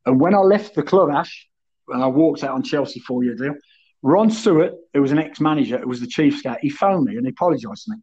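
A middle-aged man tells blunt, swearing-heavy stories in an animated, casual podcast style. His voice sits a little high for a man. The recording sounds muffled and lo-fi. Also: quick pace, husky. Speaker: podcast guest, former footballer. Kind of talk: casual storytelling chat. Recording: muffled lo-fi audio.

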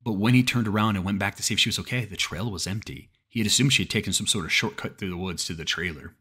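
A man's voice: on the low side, fast talker, sharp tone, slightly rough. A man narrating a creepypasta horror story in a cursing, casual way, often restarting mid-sentence.

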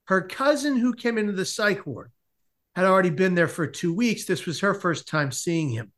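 Animated man telling a story. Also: high-pitched. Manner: lively, comic, quick asides. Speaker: guest. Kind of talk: animated storytelling in a podcast interview.

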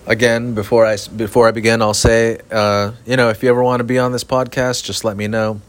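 A man hosting a casual solo podcast, ranting in a flat, monotone way, swearing often and rambling. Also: medium pitch, brisk. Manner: profane, rambling, self-aware. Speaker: podcast host. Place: outdoors at night near an apartment complex. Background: sprinklers.

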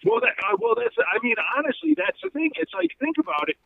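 Podcast guy rambling on, gravelly voice jumping all over, sounds like a phone line. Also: very high-pitched, wildly swooping pitch, fast talker. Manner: rambling, many fillers and restarts. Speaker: podcast co-host. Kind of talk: casual podcast chat.

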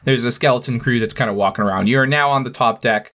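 Man, game master, tabletop narration, relaxed descriptive delivery. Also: mid-range voice, fast.

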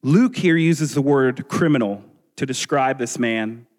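A man preaching a sermon as a pastor, earnest and measured, asking his listeners rhetorical questions. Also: mid-range voice. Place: church sanctuary. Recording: long reverb of a large hall.

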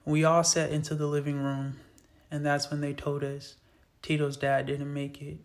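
A man's voice: on the high side, monotone, normal speed. Man reading his own story aloud. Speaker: author reading his book. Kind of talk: storytelling narration.

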